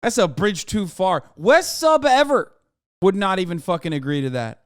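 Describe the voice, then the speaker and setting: A man's voice: high voice, animated, brisk, no room sound, clean studio sound. A male streamer host giving blunt, profane reaction commentary in a casual, riffing way.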